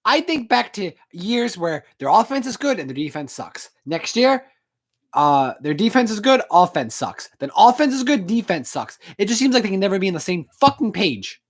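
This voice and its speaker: A sports fan vlogger, a woman with a mid-range, sing-song, slightly rough voice, rants at normal speed after a game. She's angry, emotional and profane, filming on a home recording setup.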